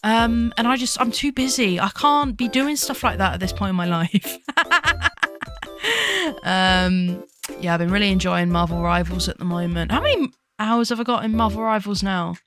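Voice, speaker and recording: A young woman chatting casually on a live stream, rambling from topic to topic, giggling often and greeting her chat excitedly. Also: medium pitch, normal speed, over music. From United Kingdom. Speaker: VTuber streamer.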